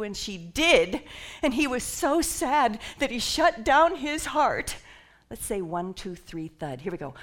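A woman minister giving an animated sermon, dropping to whispers and rising to shouts as she leads the congregation in call and response. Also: medium pitch, measured pace.

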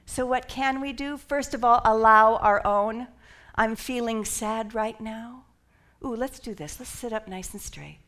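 Animated woman preacher, bright voice. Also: fairly high pitch, moderate pace, hardly any pauses. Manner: animated, swings from whispers to shouts; leads the congregation in call and response. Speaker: minister giving a talk. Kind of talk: sermon.

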